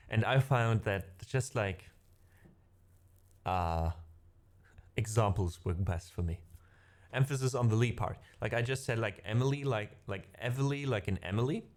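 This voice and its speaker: A man's voice: fairly low pitch, darkish tone. A man, not a native English speaker, chatting casually with his livestream audience between piano pieces, rambling and correcting himself. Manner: rambling, self-correcting, laughs often. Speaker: music streamer.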